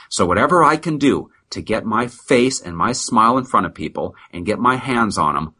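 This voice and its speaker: A middle-aged man with a very low voice pushes a motivational sales pitch with blunt, preachy emphasis. His tone is tense and driving, and there is a husky grain to it. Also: animated, a little fast, few pauses, sharp tone. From United States. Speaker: practice consultant guest.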